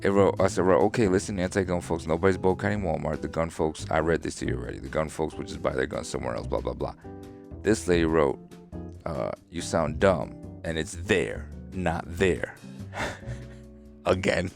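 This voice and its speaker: A man's voice: sits low, normal speed, gravelly, over music. A man hosting a casual podcast, telling a story at an easy pace and reading old posts aloud with a chuckle. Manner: laid-back storytelling, reading out tweets with amused laughs. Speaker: podcast host.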